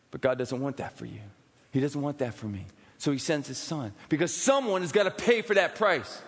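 Man, pastor, sermon, impassioned, loud-to-hushed swings, higher voice, long church reverb. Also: slightly rough. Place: church sanctuary.

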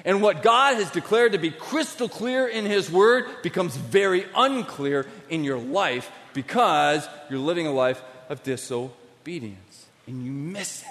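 A high-pitched male pastor delivers a sermon to a large room, going from hushed asides to emphatic declarations. His voice rings out with a long hall reverb. The delivery is direct and animated. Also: unhurried, few pauses. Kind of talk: sermon with live demonstration.

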